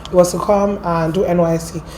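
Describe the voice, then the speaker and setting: Low-voiced woman with an American accent. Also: quick pace, slight background noise. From Port Harcourt, Nigeria. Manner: lively and animated, with laughs. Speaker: guest sharing her story. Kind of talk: casual storytelling.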